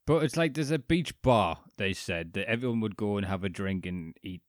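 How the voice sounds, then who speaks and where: A man co-hosting a podcast, cracking sweary jokes and quick asides in casual chat. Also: fairly low pitch, lively intonation, no room sound, clean studio sound. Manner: sweary, jokey quick interjections. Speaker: podcast co-host.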